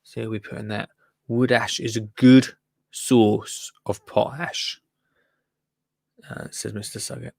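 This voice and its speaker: Male host, gravelly voice, rambling live-show chat, reads listener comments, dry close mic. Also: fairly low pitch, level tone, slow, long pauses, a little mellow, no echo. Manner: rambling and chatty, breaks off mid-sentence. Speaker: gardening podcast host.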